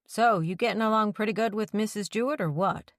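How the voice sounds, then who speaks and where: A woman's voice: mid-range voice, brisk, no room sound, clean studio sound, voice pushed up, lightly acted. A woman voicing a mischievous younger brother who teases in a jokey way. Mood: teasing. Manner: teasing, jokey.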